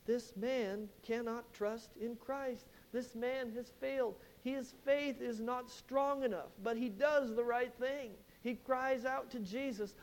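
A man's voice: very high-pitched, fairly even intonation, measured pace, hardly any pauses. A man preaching an expository sermon, retelling a Bible passage with emphatic storytelling and rhetorical questions.

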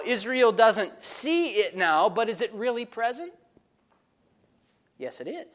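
A man's voice: high-pitched, fairly bright tone. A man preaching an expository sermon, driving points home with emphatic rhetorical questions. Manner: emphatic, rhetorical questions, stressing key words.

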